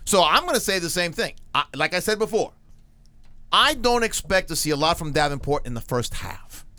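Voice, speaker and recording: A man's voice: a little high, big pitch swings, moderate pace, pushed and bright, no echo. A man co-hosting a casual sports talk show, emphatic and joking, with a habit of repeating short phrases. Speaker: co-host.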